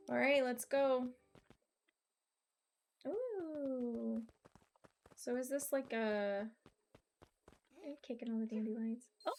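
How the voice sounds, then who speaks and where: A young woman thinking aloud and chatting while playing a video game on stream. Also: fairly high pitch. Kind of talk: let's play commentary.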